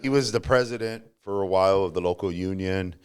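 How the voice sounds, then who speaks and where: A man telling stories from his working life in a casual podcast chat, animated and laughing at himself. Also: low voice, fairly quick, clear, resonant tone. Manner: animated storyteller, acts out quotes, laughs at himself. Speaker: union guest telling stories.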